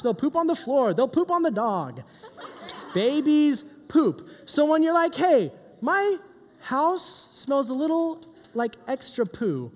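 A middle-aged man giving a joking, animated youth sermon as a pastor. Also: extremely high pitch. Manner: joking, animated, does silly voices. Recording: long hall reverb.

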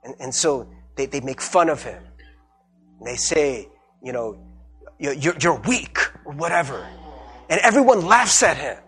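Animated husky-voiced man preaching. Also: medium pitch, moderate pace, faint music behind. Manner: animated, acts out everyday dialogue with repeated "right?". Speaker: pastor. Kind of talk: conversational sermon.

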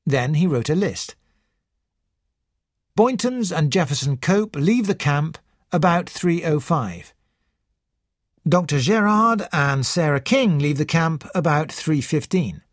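A narrator reading a story aloud in a clear, scripted way. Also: medium pitch, animated, takes it slowly, long pauses, no echo, studio quality. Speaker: audiobook narrator.

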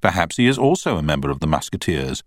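A man voicing a sharp young male barrister who asks pointed, probing questions. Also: very deep voice, big pitch swings, fast, no room sound, studio quality, exaggerated voice.

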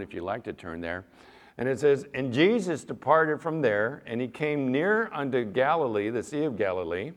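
A male pastor preaching a sermon in church, animated, rising to loud emphasis and dropping to soft asides. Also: medium pitch.

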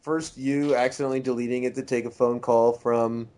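A man's voice: medium pitch, little pitch movement, brisk, darkish tone. A man co-hosting a podcast in casual, teasing chat. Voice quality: teasing, joking. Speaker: podcast co-host. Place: US East Coast.

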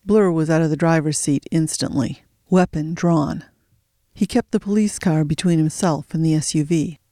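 A narrator reading a thriller audiobook in a steady storytelling voice, slowing for suspense. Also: mid-range voice, no room sound, studio quality.

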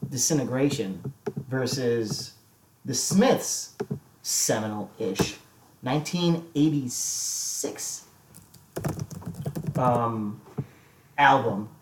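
A man co-hosting a casual music podcast, laid-back and quick to laugh, with hesitant trailing phrasing. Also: medium pitch, animated, reverberant, background noise. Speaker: podcast co-host. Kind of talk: casual chat about music.

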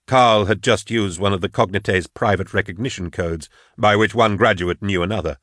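A man narrating an audiobook in a steady, measured storytelling manner. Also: lowish voice, dry recording, clean studio sound. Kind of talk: scripted narration.

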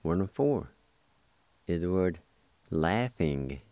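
A man hosting a radio language lesson, spelling words letter by letter and repeating each word slowly. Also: deep voice, expressive, dark tone, dry recording. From United States. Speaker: language teacher and radio host.

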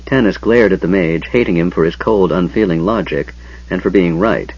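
Guy reading a fantasy audiobook, low husky voice, dramatic, dry dull lo-fi sound. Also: normal speed, a little mellow. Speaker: audiobook narrator. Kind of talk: scripted fantasy narration.

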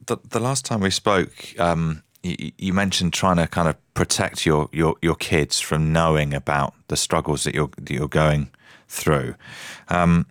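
A male breakfast radio presenter interviewing a guest, gentle and prone to stammered restarts. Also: extremely low pitch, a little slow, dry recording, clean studio sound.

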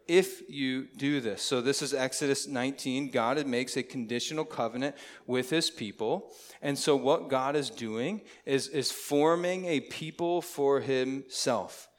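A man preaching a sermon in a conversational way, often asking the congregation questions. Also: medium pitch. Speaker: pastor.

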